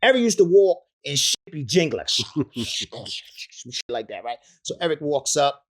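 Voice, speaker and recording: A man in his fifties, a rapper, speaks a little slowly in a sing-song voice on the high side while being interviewed. He tells an animated, drawn-out anecdote in casual slang, mimicking others' voices whenever he quotes them.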